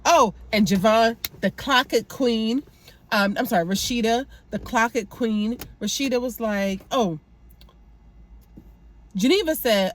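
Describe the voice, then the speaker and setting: A woman's voice: a little high, a little slow. Woman, sassy TV recap host, exasperated asides, casual review.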